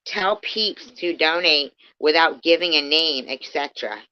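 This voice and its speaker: A woman's voice: deep voice, a little slow. Profane woman ranting angrily on a livestream. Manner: profane, heated, swings from muttering to loud outbursts. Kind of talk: angry ranting livestream commentary. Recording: dull lo-fi stream audio.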